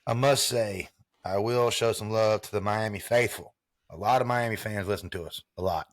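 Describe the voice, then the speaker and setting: A man's voice: lowish voice, moderate pace, dry recording, clean studio sound. A man co-hosting a sports podcast, chatting loosely and casually with plenty of swearing. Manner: loose, profane, laid-back banter. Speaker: podcast co-host.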